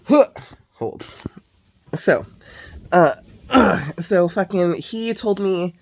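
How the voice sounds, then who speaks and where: A woman's voice: on the low side, animated, extremely slow, a little mellow. A woman venting in a casual monologue, swearing constantly, sighing and filling her talk with "like". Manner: heavy swearing, exasperated ranting; sighs and filler "like" often. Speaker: vlogger.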